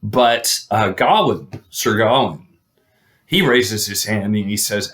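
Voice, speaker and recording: A man's voice: on the low side, animated, takes it slowly, fairly bright tone. A man casually retelling an old legend, rambling with fillers and restarts.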